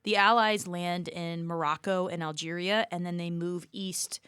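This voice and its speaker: A woman teaching history in an easygoing, chatty manner, her voice smooth and clear and sitting a little low. The sound is dry and close, with no room around it. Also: moderate pace, no room sound. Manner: relaxed explaining, casual contractions. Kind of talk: conversational history lesson.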